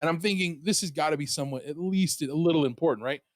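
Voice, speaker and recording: A man casually telling a story on his show, rambling and animated, swearing freely. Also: on the high side, fast, dry recording, clean studio sound. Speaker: streamer and podcast host.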